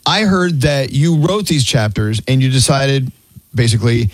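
A man hosting an interview, asking questions in a teasing, lively way. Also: mid-range voice, moderate pace, no room sound. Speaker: interview host. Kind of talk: casual interview talk.

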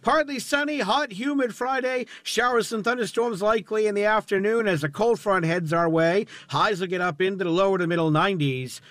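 Guy doing the radio weather, pretty high voice, dry close mic. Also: a little fast, few pauses, fairly bright tone, dry recording. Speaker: weather forecaster. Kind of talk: scripted weather forecast.

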